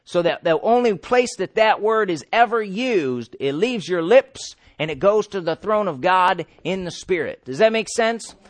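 High-voiced man preaching emphatically, dry sound. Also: lively intonation, a little slow, few pauses, no room sound. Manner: emphatic, asks the listener questions and answers them himself. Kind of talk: sermon.

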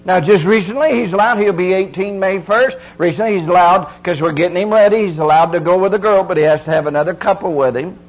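Middle-aged male preacher, high voice, homespun and insistent sermon delivery. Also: quick pace, few pauses, rough recording. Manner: folksy, emphatic preaching with repeated phrases.

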